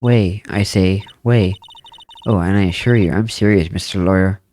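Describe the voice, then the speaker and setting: A man's voice: deep voice, normal speed, a little mellow, a little hiss or hum, close to an everyday voice. A man voicing a sassy, bratty young woman witness in a game, with a whiny, mocking and indignant manner. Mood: taunting. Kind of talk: voicing a video game's text for a let's play.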